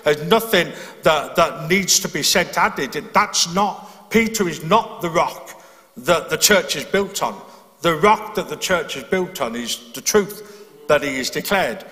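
A man's voice: a little high, expressive, measured pace, bright, forceful tone. A man preaching a sermon, explaining earnestly and often restarting his phrases. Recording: long hall reverb.

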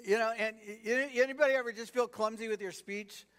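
A man's voice: extremely high pitch, fairly even intonation, fairly quick, fairly bright tone, smooth. A man preaching a sermon in a conversational way, firing rhetorical questions at the congregation and filling gaps with "you know". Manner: peppered with "you know" fillers. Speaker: pastor.

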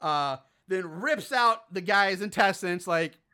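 A podcast host recapping a horror film in casual chat, animated and profane, often exasperated. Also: medium pitch, slow, clean tone.

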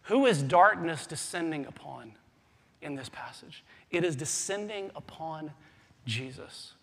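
High-voiced preacher in a reverberant hall. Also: male voice, expressive, measured pace, vocal fry. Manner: dynamic preacher, swings from hushed to loud. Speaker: pastor. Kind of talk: sermon. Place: church sanctuary.

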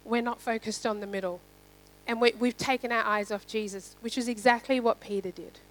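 Female preacher with a slightly high voice, chatty sermon delivery, checks in with listeners. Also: steady tone, fairly quick, low-quality recording. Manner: conversational, asks "right?" often, some fillers.

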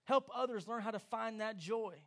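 High-voiced, animated preaching man. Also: moderate pace. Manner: animated, acts out quoted voices. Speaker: pastor. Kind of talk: sermon.

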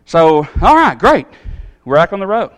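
A man tells a personal story from the pulpit. His delivery is folksy and animated, swinging from quiet asides to sudden high bursts. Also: moderate pace. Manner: folksy, animated storytelling with big pitch jumps. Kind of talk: storytelling sermon.

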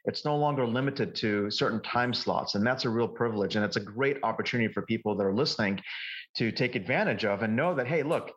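A man being interviewed as a market forecasting coach, telling lively anecdotes with frequent restarts. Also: on the low side, a little fast, muffled recording. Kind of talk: conversational interview storytelling.

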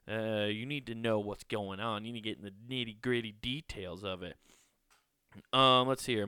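A man's voice: medium pitch, sharp tone, smooth, no echo, clean studio sound. A man in his thirties hosting a podcast, rambling casually, swearing and joking at himself. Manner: rambling, swearing, self-mocking. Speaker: podcast host.

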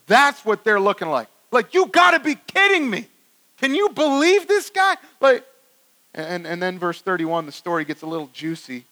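Brief: emphatic male pastor mid-sermon, bright high tone, stammers and repeats words as he builds intensity. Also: rough recording. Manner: animated, emphatic, swings from loud to hushed.

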